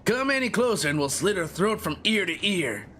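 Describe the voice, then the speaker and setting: A man's voice: sits high, very animated, normal speed, sharp tone, slight background noise, exaggerated voice. A man voicing a cocky, menacing bandit who drawls his threats.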